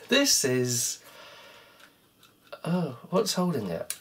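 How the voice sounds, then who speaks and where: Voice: medium pitch, very animated, a little slow, long pauses, fairly bright tone, slightly rough. A vlogger muttering sarcastic, grumbling commentary to themselves while taking apart a device at an indoor workbench. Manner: sarcastic, grumbling self-talk. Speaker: electronics repair vlogger.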